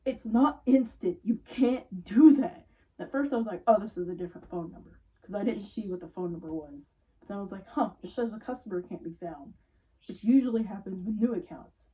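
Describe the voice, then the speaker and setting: Young woman, casual exasperated storytelling, warm mellow voice, a bit off-mic. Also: medium pitch, quick pace, recorded from a distance, rough recording. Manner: exasperated, animated retelling with quoted customers. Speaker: retail worker telling a story.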